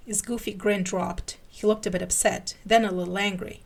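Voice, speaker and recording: A woman podcast host giving an expressive dramatic reading of fan fiction. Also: mid-range voice, moderate pace, gravelly.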